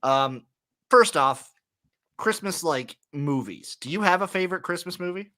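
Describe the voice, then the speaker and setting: Bright-voiced joking podcast host, a man. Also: on the high side, lively intonation, unhurried. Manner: joking, swearing, loose banter. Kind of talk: casual chat.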